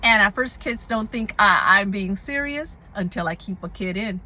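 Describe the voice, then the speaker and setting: A middle-aged woman who works as a substitute teacher, giving casual classroom advice in an animated way and often checking in with "right?". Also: medium pitch, normal speed.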